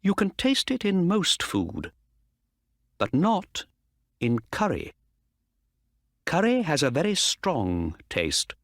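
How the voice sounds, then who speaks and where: A man voicing a calm, clever middle-aged male detective who explains things patiently. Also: mid-range voice, dry recording, studio quality.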